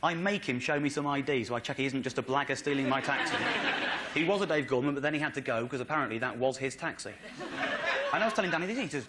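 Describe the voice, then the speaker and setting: An English man telling a story on stage as a stand-up comedian, excitable, with incredulous outbursts. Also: fast talker, a little hiss or hum. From England. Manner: excitable, builds to incredulous high-pitched outbursts. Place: stage in front of a live audience.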